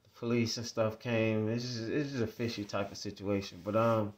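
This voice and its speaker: A man's voice: on the low side, flat delivery, normal speed. A man vlogging, telling a story in a rambling, repetitive, conversational way. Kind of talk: casual storytelling monologue.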